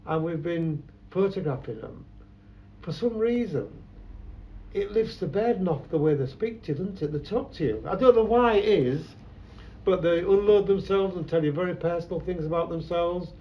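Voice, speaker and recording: A man's voice: high-pitched, animated, normal speed, warm tone, poor audio. A man, a photographer telling rambling anecdotes in an interview. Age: 70s. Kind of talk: conversational interview.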